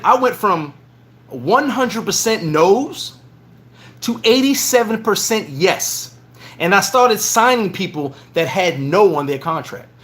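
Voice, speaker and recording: A middle-aged man vlogging, telling stories in a casual, animated way and repeating words as he goes. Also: sits high. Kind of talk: casual storytelling monologue.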